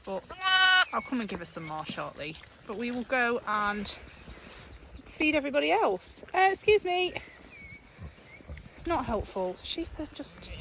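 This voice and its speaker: A woman shepherd, chatting casually on her farm and cooing fondly at her sheep. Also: on the high side. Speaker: shepherd and farmer. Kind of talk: casual vlog narration on the farm. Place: outdoors on a farm among sheep. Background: sheep and faint outdoor noise.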